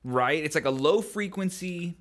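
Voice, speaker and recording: A man's voice: fairly high pitch, expressive, normal speed. A man co-hosting a podcast, talking casually and rambling with many fillers and hedges. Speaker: podcast co-host.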